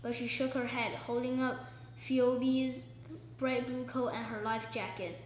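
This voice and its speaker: A woman's voice: fairly high pitch, little pitch movement, unhurried, roomy sound, slight background noise, poor audio. A young woman reading a children's book aloud, stopping for chatty asides that explain the story. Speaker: book reader.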